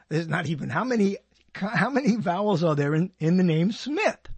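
A man's voice: a little high, very animated, brisk, gravelly, husky, no echo. An older man hosting his own radio show, rambling and joking to himself, often breaking off mid-sentence. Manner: rambling, self-interrupting, joking. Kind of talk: rambling solo monologue.

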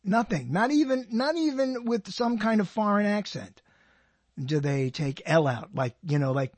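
Rambling older radio host, husky voice. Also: male voice, high voice, animated, moderate pace, no room sound. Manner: rambling, self-interrupting, joking. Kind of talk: rambling solo monologue.

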